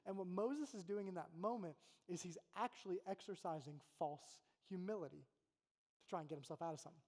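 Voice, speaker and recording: In a church auditorium with long hall reverb, a male college pastor with a high-pitched, darkish voice preaches a little fast. His sermon is casual and conversational, and he acts out quotes from God and Moses.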